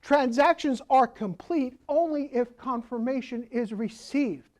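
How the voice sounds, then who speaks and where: A woman's voice: on the high side, lively intonation, moderate pace, mellow. A woman, an accountant giving a conversational lecture that she explains with rhetorical questions and asides.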